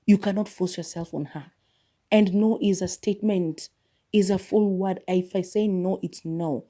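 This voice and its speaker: A woman's voice: mid-range voice, fairly even intonation, normal speed, warm tone. A woman podcast host giving a casual, chatty movie review, retelling scenes with quoted lines and lots of filler words.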